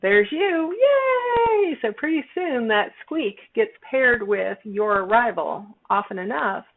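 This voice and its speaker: A woman psychology instructor talking through a recorded lesson, explaining step by step with fillers and self-corrections. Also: mid-range voice. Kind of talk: recorded lecture walkthrough. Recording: tinny phone-like audio.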